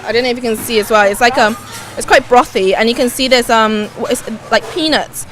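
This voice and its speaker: A woman's voice: a little high, quick pace, fairly bright tone, faint music behind, poor audio. A woman presenting a TV food segment on camera. She is chatty and upbeat, thinking aloud as she describes and tastes the dishes.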